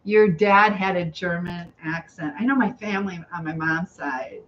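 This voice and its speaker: A woman's voice: fairly low pitch, moderate pace, fairly bright tone, muffled recording, a little hiss or hum. A woman hosting a cooking livestream in her home kitchen, chatting casually and rambling to viewers while she cooks. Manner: chatty, rambling, greets viewers, laughs often.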